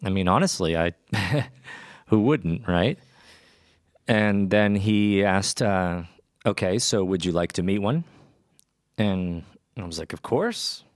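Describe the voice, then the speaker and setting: A man's voice: low-pitched, takes it slowly, pauses often, no room sound, clean studio sound. A young man telling a personal story in a rambling, casual way with lots of restarts. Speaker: podcast host.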